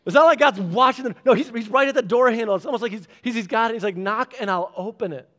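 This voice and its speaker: A man in his thirties preaching a sermon, animated and acting out little voices as he speaks. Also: racing. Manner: animated, acts out voices with big pitch jumps. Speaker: pastor.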